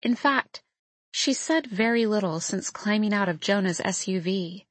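A woman narrating a novel in the first person, in a soft, measured storytelling manner. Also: medium pitch, expressive, dry recording. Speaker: audiobook narrator.

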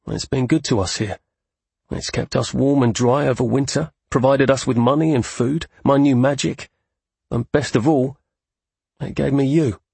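A man's voice: mid-range voice, fairly even intonation, moderate pace, gravelly, darkish tone, breathy edge, no echo. A man playing an earnest young magic user. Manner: earnest, hesitant. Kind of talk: audiobook character voice.

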